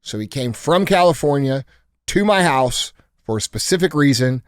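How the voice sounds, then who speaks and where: A man's voice: medium pitch, lively intonation, normal speed, smooth. A man hosting a podcast, telling a story in a blunt, profane, casual way. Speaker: podcast host. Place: podcast studio.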